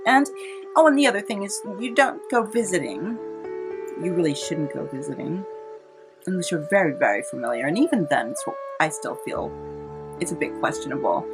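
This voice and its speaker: A woman's voice: fairly low pitch, very animated, fairly quick. Chatty woman telling a story. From California. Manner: chatty, warm-hearted, laughs often, dramatizes quotes. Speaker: vlogger. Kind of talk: personal storytelling to camera. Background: soft instrumental music.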